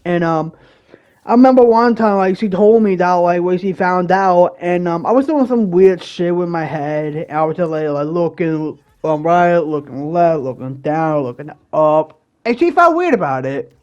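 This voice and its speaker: A young man hosting his own channel, telling a personal story in a rambling, casual way, with many fillers and restarts and occasional bursts of loud exasperation. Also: high-pitched, animated, moderate pace, clear, resonant tone, muffled recording. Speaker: channel host.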